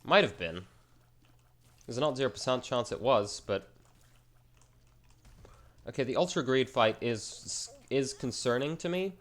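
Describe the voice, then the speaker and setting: A man's voice: mid-range voice, animated, unhurried, long pauses. A man giving casual, rambling commentary over his own gameplay, self-mocking and slangy as he plays. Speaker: gaming channel host.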